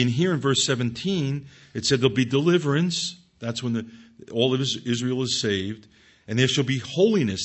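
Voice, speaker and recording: Husky-voiced man teaching the Bible. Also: medium pitch. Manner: emphatic, addresses listeners as folks, reads scripture aloud.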